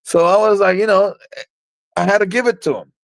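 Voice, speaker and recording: Tipsy, boastful man with a gravelly high voice. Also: fairly quick, no room sound. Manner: boastful, rambling, stammers and repeats himself. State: tipsy from drinking. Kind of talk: casual rowdy chat.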